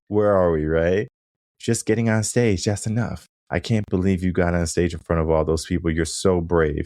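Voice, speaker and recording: A man with a very low, deep voice talks through a solo coaching podcast in a loose, conversational way. He keeps tossing in "right?" to check in with the listener, and he brightens when acting out quoted lines. The sound is dry and close, with no room echo. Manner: casual, conversational, frequent "right?" tag questions. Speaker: podcast host and mindset coach.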